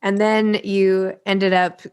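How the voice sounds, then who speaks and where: A woman at a middle pitch runs the interview with warm enthusiasm, gushing about the book and winding through long, rambling questions before she lands on the point. She talks in an eager, conversational way. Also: level tone, slow, clean tone. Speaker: podcast host.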